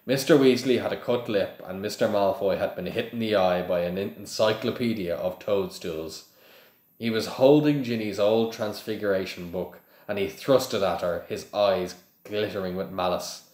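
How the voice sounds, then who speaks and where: Low-voiced man reading a novel aloud. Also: moderate pace. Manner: plain, steady reading with small slips. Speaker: reader of a book to listeners. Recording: echoey room.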